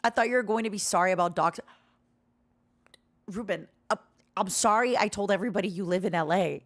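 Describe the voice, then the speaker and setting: A woman's voice: medium pitch, fairly quick. A young woman streamer chatting casually with her viewers, rambling and giggly as she tells stories. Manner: rambling, giggly, excitable storytelling.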